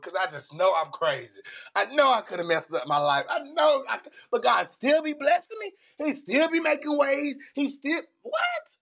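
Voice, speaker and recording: High, husky-voiced man hosting a morning show. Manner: animated and emotional, laughs often; preacher-like call and response. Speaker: podcast host. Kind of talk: casual morning show talk.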